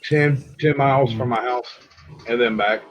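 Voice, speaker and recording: A man's voice: medium pitch, fairly even intonation, measured pace, no echo. A man joining a live stream as a guest, making crude jokes and insisting on his point. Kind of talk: casual live stream chat.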